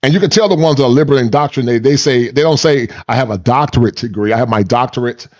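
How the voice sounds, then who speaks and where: A man's voice: mid-range voice, fast, darkish tone. Middle-aged male commentator, preachy, repetitive, slightly muffled recording. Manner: preachy, repetitive, laughs at own points, folksy slang. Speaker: channel host and commentator. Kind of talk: reaction commentary.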